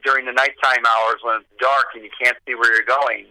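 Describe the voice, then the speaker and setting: A man's voice: mid-range voice, flat delivery, a little fast, sharp tone, no echo. A man calling in by phone to talk about a pilgrimage he organizes, hesitant and full of restarts. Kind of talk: phone interview. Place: long-distance phone call. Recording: tinny phone line.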